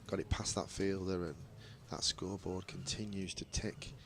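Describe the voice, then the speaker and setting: A man with a fairly low voice calls cricket ball by ball for radio. He lifts his energy when the ball races away, then settles back into easy chat. A faint hum of ground ambience sits behind him. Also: normal speed. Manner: lively on boundaries, chatty between balls. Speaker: cricket commentator.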